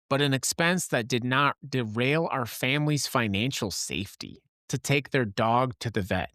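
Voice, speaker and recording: A man's voice: mid-range voice, fairly bright tone, no room sound, studio quality. A middle-aged man from Wyoming hosting a late-night show, telling personal stories in an earnest, impassioned monologue. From Wyoming, USA. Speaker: podcast host.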